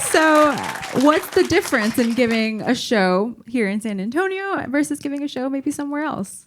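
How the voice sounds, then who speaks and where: A woman's voice: sits high, expressive, normal speed, a crowd in the background, noisy background. A woman moderating a panel, asking questions in a friendly, conversational way.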